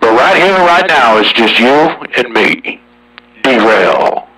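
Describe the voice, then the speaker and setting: A man talking casually over a CB radio, boastful and folksy, with a slow drawl. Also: mid-range voice, animated, sharp tone, husky, distant mic, poor audio. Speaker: CB radio operator hosting the channel.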